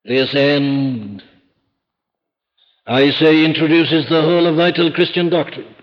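A man preaching a sermon, emphatic and rhetorical, slowing down to stress key words. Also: fairly high pitch, big-room sound. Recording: dull lo-fi archive recording.

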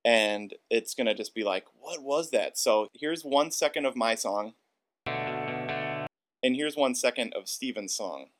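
Man, Upper Midwest accent, podcast co-host, animated, laughs often, casual. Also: medium pitch, slow, faint music behind.

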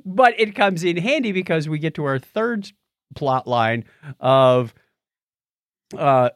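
A man's voice: on the high side, lively intonation, takes it slowly, no room sound, studio quality. A man co-hosting a casual podcast, animatedly recapping an episode and acting out quoted lines with frequent laughter. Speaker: podcast host.

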